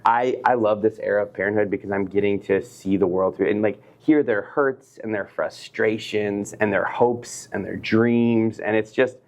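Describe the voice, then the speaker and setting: Talkative middle-aged man, gravelly low voice. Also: normal speed, few pauses. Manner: talkative, earnest and expressive. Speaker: guest, business professor. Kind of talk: casual interview chat.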